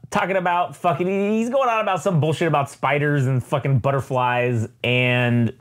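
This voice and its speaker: A man co-hosting a podcast, casually recapping a comic in a rambling, profane way. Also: medium pitch. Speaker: podcast co-host. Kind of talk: casual chat.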